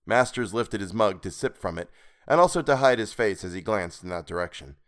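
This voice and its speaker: A man narrating a weird tale in a measured, expressive reading. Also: lowish voice. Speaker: podcast reader. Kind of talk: scripted story narration.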